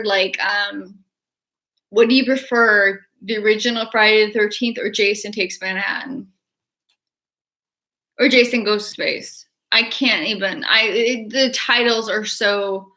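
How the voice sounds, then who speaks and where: A young woman chatting excitedly in a casual livestream, rambling with restarts and laughter. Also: on the high side. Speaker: artist and horror-fan vlogger.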